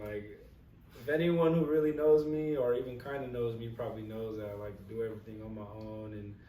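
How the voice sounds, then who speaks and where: A man on a casual podcast answering a question in a measured, thoughtful way with frequent ums. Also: on the low side, mellow. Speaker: podcast guest. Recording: roomy, distant mic with faint noise.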